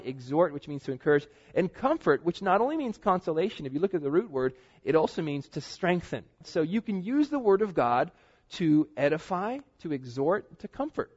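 A man's voice: fairly high pitch, husky. A middle-aged man preaching a sermon in a church as pastor, earnest and conversational, with casual asides. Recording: dull lo-fi church recording.

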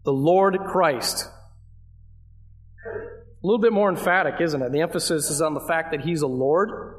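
Casting: man, fairly high voice, pastor delivering a sermon, chatty and emphatic. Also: fairly quick. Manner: conversational, asks the congregation questions; emphatic, leans on key phrases.

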